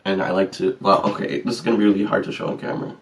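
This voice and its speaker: Racing through a makeup tutorial, this deep-voiced male vlogger keeps things chatty and sassy, poking fun at his own slip-ups. His pitch barely moves, and he sounds recorded from a distance.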